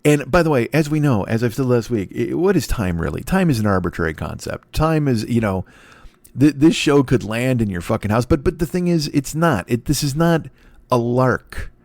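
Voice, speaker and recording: A man's voice: mid-range voice, big pitch swings, moderate pace, a little mellow, dry recording. A man in his forties hosting a comedy podcast, rambling through a profane, self-deprecating monologue. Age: 40s.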